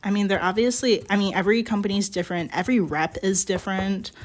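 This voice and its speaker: A woman's voice: mid-range voice, steady tone, fast. A young woman chatting casually as she works on pottery, telling a rambling story full of fillers and little laughs. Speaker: streamer working on ceramics. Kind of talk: casual chat while working. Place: home pottery studio.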